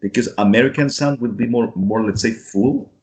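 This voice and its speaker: A man's voice: mid-range voice, darkish tone. A man from Chile, an English teacher patiently modelling vowel sounds and checking in with his student. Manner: patient, repeats sounds slowly, keeps checking with "right?". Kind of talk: pronunciation lesson.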